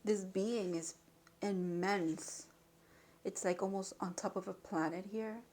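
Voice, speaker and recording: A woman giving an intuitive spiritual card reading, emotional and halting, with sighs and restarts. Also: mid-range voice, fairly even intonation, a little mellow.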